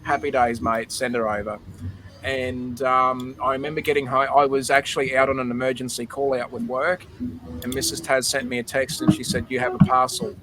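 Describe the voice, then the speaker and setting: A man's voice: mid-range voice, flat delivery, brisk, bright, forceful tone, a little hiss or hum, poor audio. A middle-aged Australian man on a video call, telling a nostalgic, emotional story in a chatty way with lots of fillers. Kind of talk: casual storytelling.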